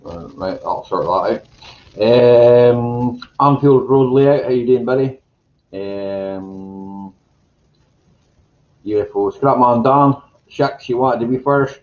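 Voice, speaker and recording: A man hosting a casual live chat, greeting viewers by name in a slow, meandering way and chuckling to himself. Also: medium pitch, highs cut off. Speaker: live stream host. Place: home room with green screen.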